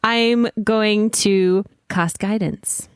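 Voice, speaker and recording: A woman playing a tabletop game, gentle, sweet and a little hesitant. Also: mid-range voice, fairly even intonation, very slow, clear, resonant tone, no echo, clean studio sound. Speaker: player. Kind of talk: casual tabletop play.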